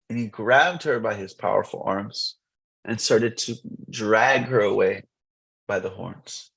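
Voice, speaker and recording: Husky man telling a temple story. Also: medium pitch, takes it slowly, low-quality recording. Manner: animated, rambling with restarts. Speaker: temple class teacher. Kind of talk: lively storytelling scripture class.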